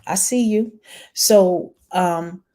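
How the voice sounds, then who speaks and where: A woman's voice: on the low side, warm tone. A woman with a New York accent, an online business coach giving chatty, encouraging advice to viewers on a live stream. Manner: fast-talking, encouraging, chatty.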